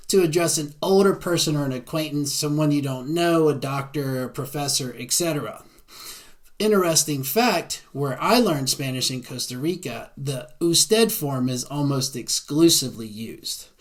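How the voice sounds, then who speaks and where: Southern American man, teacher, slightly high pitch, lecture style, keeps tagging "right?". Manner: frequent tag "right?". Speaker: Spanish teacher. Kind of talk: classroom lecture.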